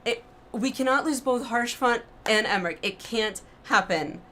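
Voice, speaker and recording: A young woman with a slightly high voice streams a game and reacts out loud to every moment. She talks to herself expressively between the scenes. A faint steady hum sits under her voice. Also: moderate pace. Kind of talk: emotional let's-play reaction.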